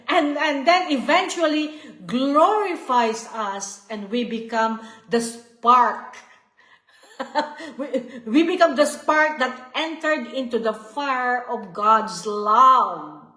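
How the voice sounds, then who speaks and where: A woman's voice: high-pitched, fairly bright tone, roomy sound. A woman giving an earnest devotional teaching, often repeating herself and checking in with "okay?" and "you see". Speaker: Bible study teacher.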